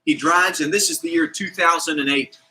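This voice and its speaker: A man's voice: on the high side, a little fast, low-quality recording. A man coaching a kids' PE class, telling a story with lots of energy and acting out the characters. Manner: energetic, theatrical, plays voices of characters. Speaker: kids PE coach. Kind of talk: animated storytelling to kids.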